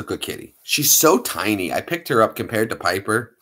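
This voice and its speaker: A man hosting a casual live stream, chatting playfully with his viewers in an animated way. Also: fairly low pitch, normal speed, few pauses.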